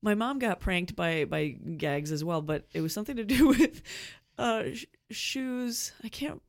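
Co-host who swears, expressive and loose. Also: medium pitch. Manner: swears a lot, expressive, quick reactions. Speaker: podcast co-host. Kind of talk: casual chat.

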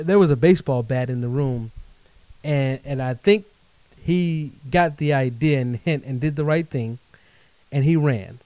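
A middle-aged man telling a true story in a lively monologue, speaking directly to his listeners. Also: on the high side, dry recording. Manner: animated, addresses audience directly as folks.

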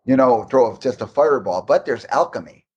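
The highs are cut off and a faint hum sits in the background as a middle-pitched man speaks at normal speed. Recalling game development in a casual interview, he tells rambling, animated behind-the-scenes stories and restarts sentences often.

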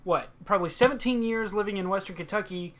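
Playful man co-hosting a podcast. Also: sits high. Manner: quick agreeing backchannels, playful. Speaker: podcast co-host. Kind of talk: casual chat.

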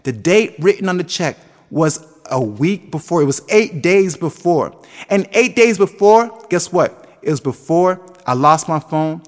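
A man's voice: fairly high pitch, animated, unhurried, hardly any pauses, in a large hall. A man in his twenties preaching a sermon with a passionate, sing-song cadence that rises and falls. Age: 20s.

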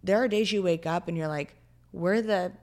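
A woman's voice: on the low side, fast talker, darkish tone. A woman in her twenties tells a story in a casual interview, earnest and heartfelt, with many "like" and "you know" fillers. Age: 20s. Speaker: podcast guest.

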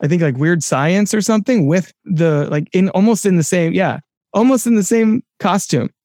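A man co-hosting a casual film podcast, talking in an animated way with many restarts and sudden bursts of excitement. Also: high-pitched, moderate pace, no room sound. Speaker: podcast co-host.

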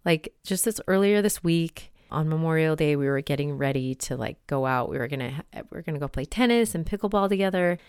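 Low-voiced chatty woman telling stories. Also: lively intonation, a little fast, few pauses, darkish tone, clean tone, dry recording, studio quality. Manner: chatty, storytelling with many fillers. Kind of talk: casual reflective monologue with read-aloud story.

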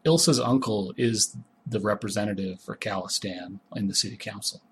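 Male game master, low-ish register, explanatory tone, slight background noise. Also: normal speed. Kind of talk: narrating a tabletop game.

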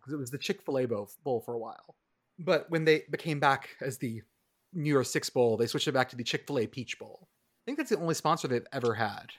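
A man hosting a casual podcast chat, playful and deadpan. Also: mid-range voice. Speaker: podcast host.

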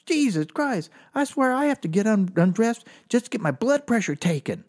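A man doing a shrill, fed-up girlfriend. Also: big pitch swings, normal speed, darkish tone. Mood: exasperated. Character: exasperated young woman, the girlfriend.

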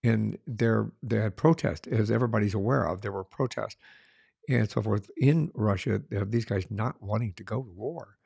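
Middle-aged guy, low gravelly voice, earnest film review chat, dry close sound. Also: darkish tone, no echo. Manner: earnest, halting, restarts phrases.

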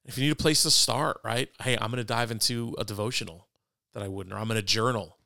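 A man's voice: fairly low pitch, steady tone, fast, creaky, pushed and bright, no room sound, clean studio sound. A man co-hosting a casual faith discussion podcast, conversational and self-deprecating, often restarting his sentences. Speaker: podcast co-host.

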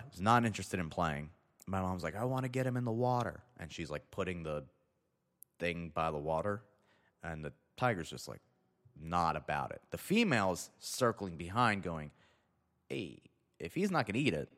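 A young man telling a rambling, profane comedic anecdote, often cutting himself off mid-sentence. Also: low voice. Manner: rambling, profane, self-interrupting. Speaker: storyteller. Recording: long reverb.

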